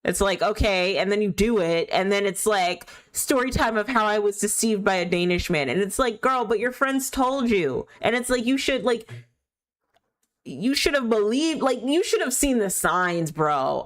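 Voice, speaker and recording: A woman's voice: medium pitch, animated, normal speed. A woman streaming live, talking in a rambling, candid, opinionated way, full of filler words. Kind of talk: casual chat while gaming.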